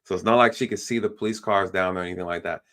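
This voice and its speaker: A man's voice: deep voice, steady tone, rapid-fire, a bit bright. A man, a police officer, telling a story in a casual way on a live stream. He acts out the lines of the people in it and often repeats himself with fillers like "you know".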